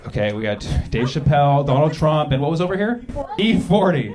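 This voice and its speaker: A man's voice: a little high, animated, fast. A man doing a stand-up set, brash and mock-outraged, working the crowd. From United States. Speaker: stand-up comedian. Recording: loud background noise.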